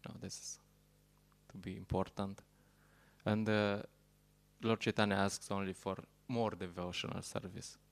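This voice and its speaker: Casting: a male temple speaker, halting storyteller, deep voice with plenty of fry. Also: level tone. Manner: halting, storytelling, laughs at own jokes. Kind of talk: sermon.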